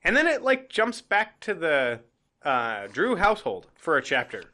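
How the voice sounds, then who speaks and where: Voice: mid-range voice, wildly swooping pitch, moderate pace, bright, forceful tone. A podcast host recapping a mystery novel in casual chat, joking and acting out the characters' lines.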